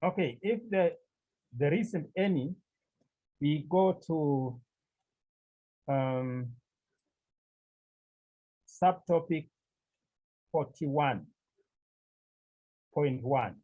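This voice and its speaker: A Cameroonian man leads a Greek lesson at an unhurried, measured pace. His voice is a little husky. It comes through a thin, phone-like line. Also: fairly high pitch. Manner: slow, deliberate, repeats key points and checks with "Okay?". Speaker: Greek teacher. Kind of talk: classroom lecture.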